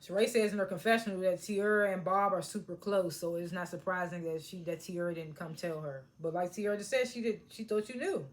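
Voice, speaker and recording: A woman hosting a casual recap of a reality TV episode, talking in an excitable, slangy way and often restarting her sentences. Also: lowish voice, a little fast, few pauses. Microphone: tablet propped on a charger.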